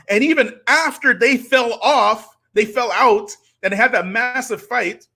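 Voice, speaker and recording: With a high-pitched, bright, forceful voice, this male live-stream host lectures his viewers and poses rhetorical challenges in passionate commentary.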